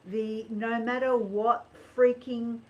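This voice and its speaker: A woman reading tarot on a live stream, speaking in an earnest, encouraging and animated way. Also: on the high side, takes it slowly, dull audio, a little hiss or hum.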